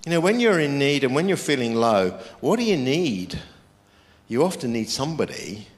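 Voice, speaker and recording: A man preaching a sermon, lively and emphatic, quoting scripture as he goes. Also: mid-range voice, normal speed. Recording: long hall reverb.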